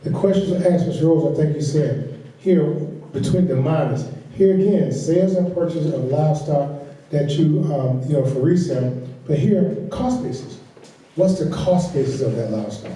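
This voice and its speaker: A man's voice: a little high, expressive, normal speed, warm tone. Southern man, workshop instructor, folksy and repetitive; recorded from a distance with a heavy room echo. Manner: folksy, repeats key points, laughs easily. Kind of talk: financial training lecture. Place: large echoey meeting room. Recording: echoey room, distant mic.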